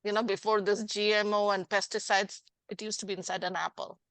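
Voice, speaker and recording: A woman's voice: medium pitch, little pitch movement, fairly quick, a bit bright, dry recording. A middle-aged woman hosting a podcast as a life coach, talking animatedly and acting out little scenes in dialogue. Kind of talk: casual interview chat.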